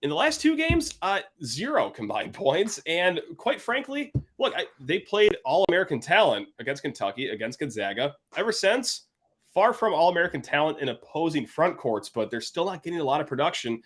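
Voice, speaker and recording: A man hosting a sports podcast, his voice a little higher than most and swinging widely in pitch. He talks in a casual, playful way, hamming up an ad read like an eager salesman. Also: a little fast. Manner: animated, playful salesman energy. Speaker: podcast host.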